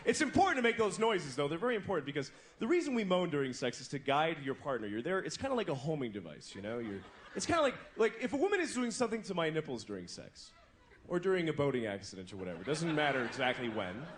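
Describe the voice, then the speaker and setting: High, lively young comedian on stage. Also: male voice, fast talker. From United States. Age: 20s. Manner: crude, conversational storytelling with acted-out voices. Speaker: stand-up comedian. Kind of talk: stand-up comedy set. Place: comedy club stage before a live audience. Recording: noisy live club recording.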